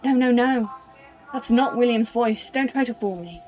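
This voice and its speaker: A woman's voice: on the high side, normal speed, a little mellow, lightly acted. A woman voicing a distraught grieving mother who pleads and insists, over faint music in a game. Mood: anguished.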